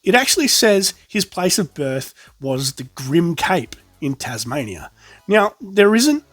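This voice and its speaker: An Australian man with a fairly high, husky voice that swings up and down a lot as he chats. He talks in a casual, enthusiastic show-and-tell way, recorded dry and close with faint music underneath. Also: sing-song, a little slow, a bit bright, no room sound. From South Australia. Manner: chatty and enthusiastic, colloquial. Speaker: toy collector vlog host.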